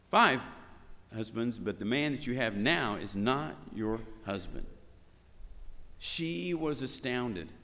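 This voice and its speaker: A man preaching a sermon, telling Bible stories in an animated way and acting out the shouted lines. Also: medium pitch. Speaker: pastor. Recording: long reverb of a hall.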